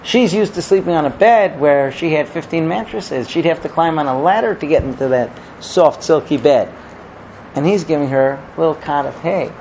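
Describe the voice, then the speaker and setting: A man giving a sermon, telling a parable in an animated storytelling manner. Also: on the high side, normal speed, slight background noise, low-quality recording. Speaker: religious teacher.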